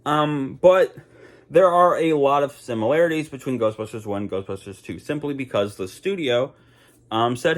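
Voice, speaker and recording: A man's voice: mid-range voice, normal speed. A young man talking casually to camera, chatty and rambling with fillers and restarts. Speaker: vlogger.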